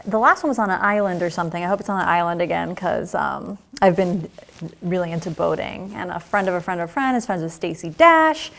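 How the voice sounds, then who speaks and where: A woman on a comedy panel, delivering clueless non sequiturs in a flat deadpan. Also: lowish voice, a little fast, vocal fry. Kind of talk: deadpan absurd comedy chat.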